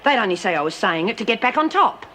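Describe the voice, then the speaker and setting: An actress playing a shrewd, embittered former inmate leader, blunt and weary. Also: female voice, mid-range voice, sing-song, fast talker, fairly bright tone, slight background noise. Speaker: prison inmate.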